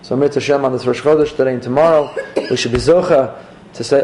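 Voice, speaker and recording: A man, a rabbi, giving a sermon as an animated storyteller. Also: medium pitch, fast talker, slight background noise.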